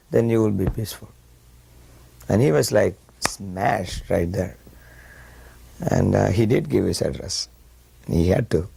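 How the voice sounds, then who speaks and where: A man's voice: on the low side, moderate pace, gravelly, husky, no echo. A man telling an anecdote, his voice jumping up when he acts out the dialogue. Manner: animated when quoting, voice jumps up for dialogue. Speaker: disciple recalling his teacher.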